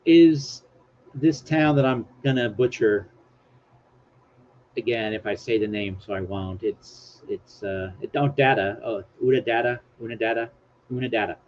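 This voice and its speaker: On a dull, lo-fi stream with a faint hiss, a livestream host reads things off his screen aloud, rambling and making self-deprecating jokes. He has a lowish, somewhat dark voice and talks a little slowly.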